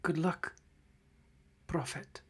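A man voicing a dying old deep gnome, soft and halting. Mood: tender, fading.

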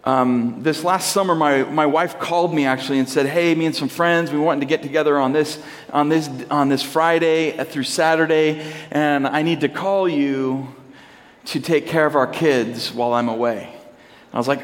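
A man in his thirties, a pastor, telling a lively personal story in a sermon and acting out his children's lines. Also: normal speed. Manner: animated storyteller, acting out his kids in a high voice. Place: church hall. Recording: long hall reverb.

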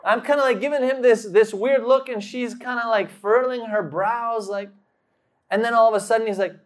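A man preaching a sermon, telling a personal story slowly and dramatically, acting out quotes and breaking into sudden loud bursts. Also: very high-pitched, fairly even intonation.

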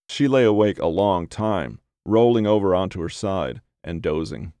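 A man narrating a dark horror story in a measured, even storytelling voice. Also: low voice, smooth, dry recording, studio quality. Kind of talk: horror audiobook reading.

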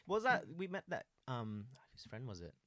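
A man's voice: medium pitch, wildly swooping pitch, normal speed, a bit bright, dry recording. Laid-back man, dry sound. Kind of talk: casual chat among friends.

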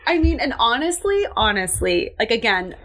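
A woman's voice: a little high, very animated, normal speed, fairly bright tone. A woman co-hosting a podcast in casual chat, talking in a rambling, blunt way with lots of fillers and swearing. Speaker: podcast co-host.

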